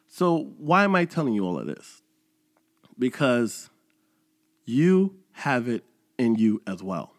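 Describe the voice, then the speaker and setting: A man in his thirties hosts a motivational podcast, delivering a monologue in a casual, animated, conversational way and acting out his own inner voice. His voice is medium-pitched, and the recording is dry and studio quality.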